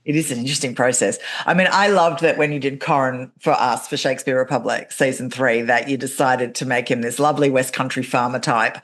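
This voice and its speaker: A woman's voice: a bass voice, steady tone, a little fast, few pauses. A woman who hosts a podcast, speaking with a mixed Australian and English accent, chatting with her guest over a video call. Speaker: podcast host. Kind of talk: interview chat.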